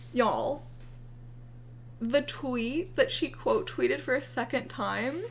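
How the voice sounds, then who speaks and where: A young woman hosting a casual commentary video, sarcastic, profane and quick to laugh. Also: on the high side, slight background noise.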